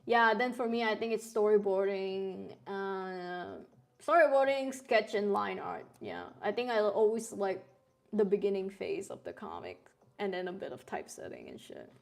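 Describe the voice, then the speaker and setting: A woman's voice: mid-range voice, big pitch swings, moderate pace, gravelly. A woman in her thirties, streaming and chatting casually with her viewers and laughing often. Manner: chatty, laughs often, reads chat aloud. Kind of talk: casual live-stream chat.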